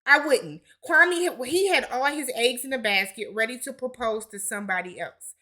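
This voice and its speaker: A woman's voice: a little high, normal speed, sharp tone. A woman giving a casual recap of a reality TV episode, with sassy, blunt commentary and slangy asides.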